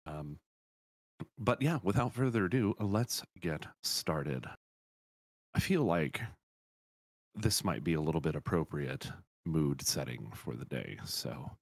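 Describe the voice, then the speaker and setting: Man, game master, low voice, halting narration, dry recording. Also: gravelly, no room sound. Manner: relaxed, halting narration with many fillers.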